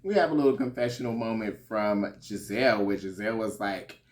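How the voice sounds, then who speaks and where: A man's voice: on the low side, brisk, hardly any pauses. A man giving a sassy, gossipy recap of a reality show, swearing freely. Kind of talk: casual recap commentary.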